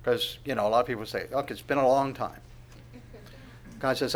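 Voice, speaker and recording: A man preaching a sermon, asking the congregation questions and swinging from quiet asides to loud proclamation. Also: medium pitch, moderate pace. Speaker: pastor.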